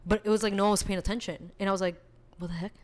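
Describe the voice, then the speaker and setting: A young woman chatting casually, telling a personal story in an animated way with lots of filler words. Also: medium pitch, very fast. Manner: chatty, animated, full of filler likes, laughs while telling. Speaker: podcast guest.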